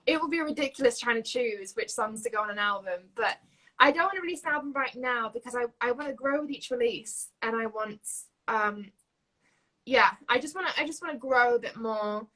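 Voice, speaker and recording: A woman's voice: on the high side, fairly bright tone, rough recording. A young woman from Yorkshire with a Yorkshire accent, a singer-songwriter chatting as an interview guest, giggly and full of fillers. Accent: Yorkshire English. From Yorkshire, England. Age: young adult. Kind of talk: casual interview chat.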